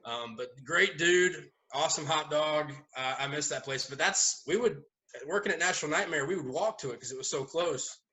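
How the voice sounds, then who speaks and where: A man's voice: on the high side, normal speed, poor audio. A man, hosting a casual chat and telling stories with laughs and the odd curse. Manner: animated storyteller, swears and laughs. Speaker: host.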